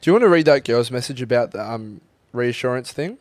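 A man's voice: mid-range voice, animated, brisk, a little mellow, no echo. A young man, co-hosting a casual podcast chat, reflective and hesitant, with many ums. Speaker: podcast co-host.

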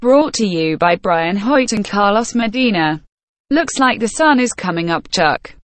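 A woman reading a segment introduction for a radio show, her voice recorded close and dry. She speaks at an ordinary pitch for a woman. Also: lively intonation, unhurried, no echo. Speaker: show announcer. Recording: dry studio voice-over.

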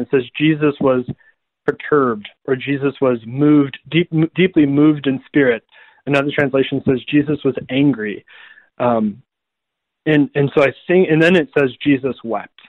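A man, a priest, telling a scripture story in a lively conversational way and acting out the people he quotes. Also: mid-range voice, no room sound. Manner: animated storytelling, acts out quoted voices. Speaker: priest guest. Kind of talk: conversational radio talk on faith. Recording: tinny phone line, dry.

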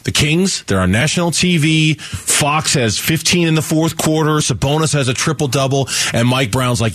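A man co-hosting sports radio, giving animated, opinionated takes and stumbling over repeated words when excited. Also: a little high, moderate pace, hardly any pauses, no echo. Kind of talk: casual sports radio banter.

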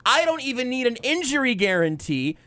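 A man hosting a sports talk radio show, delivering brash, animated hot takes at a rapid clip. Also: very high voice, no echo. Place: radio studio.

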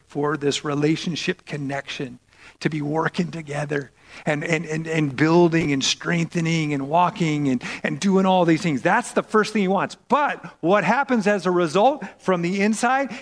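A man preaching a sermon in a lively way, repeating words and often asking "right?". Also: a little high, moderate pace. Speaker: pastor. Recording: long reverb of a hall.

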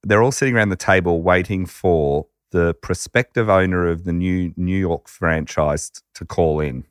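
A podcast host telling a story conversationally, animated and acting out quotes. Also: male voice, sits low, normal speed, clear, resonant tone, no echo, clean studio sound. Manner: animated narrator who acts out quotes.

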